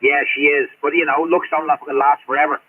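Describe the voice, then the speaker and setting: A man's voice: fairly high pitch, little pitch movement, quick pace, husky, no echo. A middle-aged Australian man chatting on CB radio, rambling and swearing all the time. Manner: rambling, swears constantly, blunt. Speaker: CB radio operator. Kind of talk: casual radio chat. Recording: tinny radio transmission.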